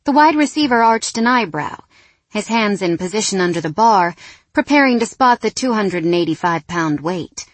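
A woman narrating an audiobook in an expressive voice with dramatic pauses. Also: mid-range voice, no echo.

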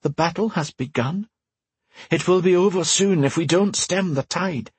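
A man voicing a mystic woman who speaks into another's mind, pleading and hurried. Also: high-pitched, slightly rough, no room sound, pitched above the performer's own voice.

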